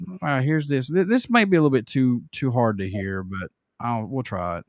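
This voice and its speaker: A man's voice: mid-range voice, expressive, fairly quick, no room sound. Laid-back male podcast host, dry mic. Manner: rambling, self-correcting, laid-back. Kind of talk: casual podcast chat.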